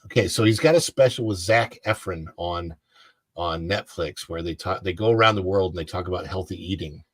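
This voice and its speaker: A man's voice: deep voice, a little fast. Rambling man in casual chat. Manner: rambling, many fillers and restarts. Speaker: co-host.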